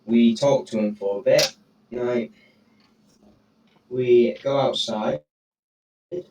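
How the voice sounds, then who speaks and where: A man's voice: mid-range voice, big pitch swings, slow pace, long pauses, darkish tone, slight background noise, low-quality recording. A teenage boy telling a rambling, profane story on a casual podcast, tagging his sentences with "right?". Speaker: podcast co-host.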